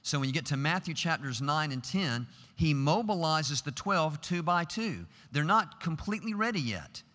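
Middle-aged guy preaching, bright forceful voice, bit high, big echoey chapel. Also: lively intonation, normal speed. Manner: earnest, emphatic, builds to rhetorical questions. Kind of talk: sermon. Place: large chapel. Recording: long hall reverb.

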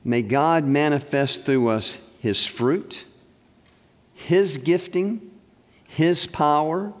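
A man's voice: fairly high pitch, extremely slow. Older man preaching in a reverberant hall. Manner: warm joking asides, then earnest preaching and prayer. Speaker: university president giving a chapel talk. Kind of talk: chapel sermon. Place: large auditorium with stage.

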